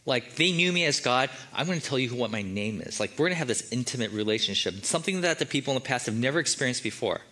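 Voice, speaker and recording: A man's voice: medium pitch, animated, quick pace, hardly any pauses, bright, forceful tone. A man preaching a sermon as the church's pastor, in a casual, joking and conversational way.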